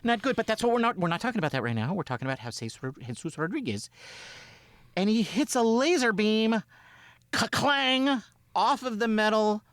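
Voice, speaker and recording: A man co-hosting a sports podcast with his brother, talking in a rambling, animated way and often acting out quotes. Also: high-pitched, fast talker, no echo, studio quality. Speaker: podcast co-host. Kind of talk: casual sports chat.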